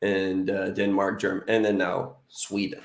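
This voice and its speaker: A man from Oregon, a life coach, talking over a video call in a relaxed, reflective way. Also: low-pitched, unhurried, roomy sound. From Oregon, United States.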